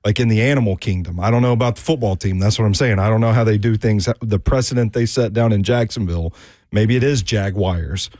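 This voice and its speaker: A man's voice: lowish voice, brisk, darkish tone, dry recording. A man co-hosting a sports radio show in the studio, joking around with hesitant, playful banter. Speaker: radio co-host.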